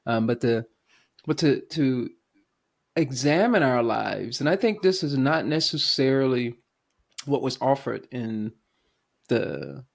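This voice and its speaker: A man hosting a spiritual podcast, speaking slowly and thoughtfully and often stopping to find the right word. There is some gravel in his voice. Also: medium pitch, expressive. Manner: searching for words, halting, thoughtful. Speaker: podcast host. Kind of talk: casual conversation.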